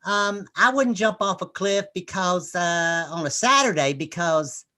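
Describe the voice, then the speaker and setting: A man putting on the voice of a prim, prudish, religious older mother, high and fussy. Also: unhurried, sharp tone. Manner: high, sing-song, fussy.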